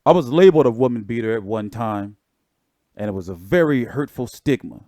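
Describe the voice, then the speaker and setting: A man's voice: mid-range voice, lively intonation, a little fast, mellow, no room sound, studio quality. A man hosting a boxing channel, talking in a rambling, laid-back way with lots of fillers. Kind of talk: casual livestream commentary.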